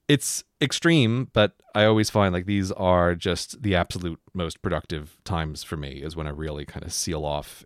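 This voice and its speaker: A man's voice: fairly low pitch, no room sound, clean studio sound. A man co-hosting a podcast, chatting casually and reflectively, with lots of "like" fillers. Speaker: podcast co-host. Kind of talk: casual chat.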